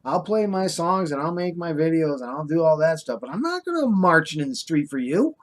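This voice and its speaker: An older American vlogger rants at the camera in an impassioned, scolding monologue, dropping drawled sarcastic asides. His voice is on the high side, very animated, and a little fast.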